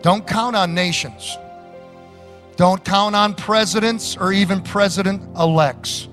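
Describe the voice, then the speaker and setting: Brief: male pastor preaching in a church, unhurried and drawn-out, sharp bright tone, emphatic lifts. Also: sits high, soft background music. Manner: slow, emphatic preaching with laughs and sudden lifts. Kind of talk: sermon.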